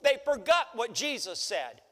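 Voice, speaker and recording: Male pastor, very high bright voice, unhurried sermon delivery, long church reverb. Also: sing-song. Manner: preaching with repeated rhetorical questions. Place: church sanctuary.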